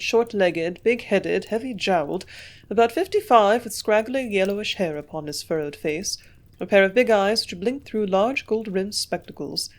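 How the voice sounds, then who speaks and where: Woman reading an audiobook. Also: medium pitch. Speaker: audiobook narrator.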